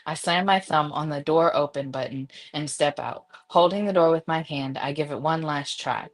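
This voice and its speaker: A woman's voice: low voice, normal speed. A woman reading a romance novel aloud, giggling now and then between passages. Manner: giggly, breaks into laughter. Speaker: reader.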